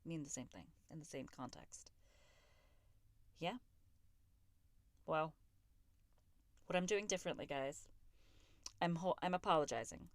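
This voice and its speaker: Low-voiced, candid woman podcaster, profane and raw. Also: unhurried, pauses often, dry recording. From raised in a Pakistani immigrant family. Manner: raw, profane, emphatic and self-reflective. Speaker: podcast host. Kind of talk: candid solo podcast monologue.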